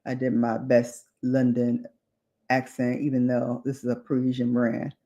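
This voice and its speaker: A woman's voice: extremely low pitch, completely flat delivery, measured pace, warm tone, dull audio. A woman beauty vlogger chatting casually on a livestream while doing her makeup, reading out viewer comments and drifting onto tangents.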